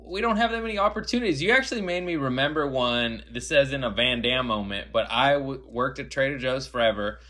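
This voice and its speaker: Bright-voiced man telling profane stories. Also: mid-range voice, brisk, hardly any pauses. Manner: profane, animated storytelling. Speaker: guest comedian. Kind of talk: casual podcast chat.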